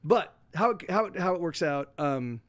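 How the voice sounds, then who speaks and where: Middle-aged male streamer, high voice, casual rambling chat from home, lots of restarts. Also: lively intonation, moderate pace, a bit bright. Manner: rambling, many restarts and fillers. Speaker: livestream host. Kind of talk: casual chat to a live audience.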